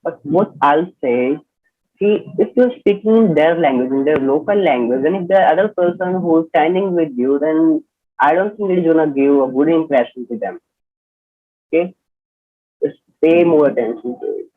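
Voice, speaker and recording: A man's voice: a little high, normal speed. A man teaching an online personality development class, explaining points and checking in often with the listeners. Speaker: instructor. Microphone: video call. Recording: tinny phone-like online call audio.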